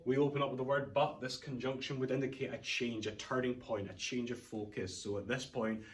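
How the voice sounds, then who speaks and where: A man with a Scottish accent, an English teacher, explaining a poem line by line in a recorded revision lesson, in an informal way with Scots words. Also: lowish voice.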